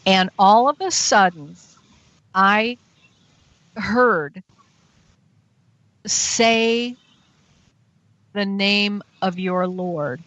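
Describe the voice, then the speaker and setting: A woman guest on a talk show tells a personal story at a slow, unhurried pace. Her voice is dry and close on a dull, muffled line. She acts out her own panicked inner voice as she goes. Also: mid-range voice, no room sound. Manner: animated storytelling, acting out her own frightened thoughts.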